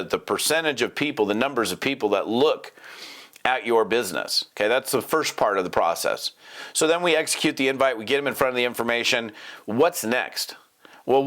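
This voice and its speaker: A middle-aged man coaching network marketers in an energetic, casual talk, quickly acting out bits of phone dialogue with prospects. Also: medium pitch. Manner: fast, animated, acts out quick prospect dialogues.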